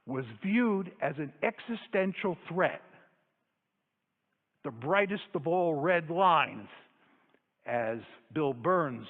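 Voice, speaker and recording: A man's voice: mid-range voice, gravelly, husky. A man giving a public lecture to an audience, argumentative and emphatic, driving his points home through repetition. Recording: echoey hall over a tinny phone-like line.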